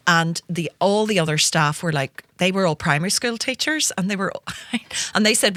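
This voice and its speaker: A woman's voice: medium pitch, normal speed, hardly any pauses, no echo. A Northern Irish woman in her forties hosting a comedy podcast, telling stories with lots of laughter. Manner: animated storyteller, laughing often. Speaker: podcast host. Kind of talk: casual comedic chat.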